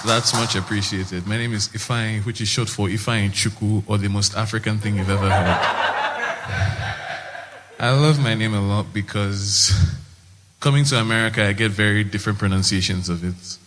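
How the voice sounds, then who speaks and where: A young man from Nigeria with a Nigerian accent, doing a stand-up set in a wry, deadpan way. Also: lowish voice, moderate pace, slight background noise. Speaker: stand-up comedian. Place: comedy stage. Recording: reverberant live stage.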